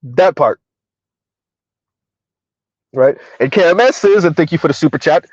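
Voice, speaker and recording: Male livestream commentator, thirties, repetitive and wry, somewhat high voice, lo-fi dry sound. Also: lively intonation, a little slow, slightly rough, no room sound. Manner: rambling, repeats himself, laughs at own jokes.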